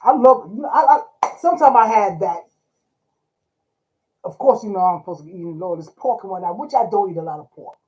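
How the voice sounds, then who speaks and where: A woman's voice: mid-range voice, animated, fast, darkish tone, rough recording. Older woman, livestream host, chatty, reminiscing, casual talk. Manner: chatty, reminiscing, talks over her co-host. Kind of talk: casual chat.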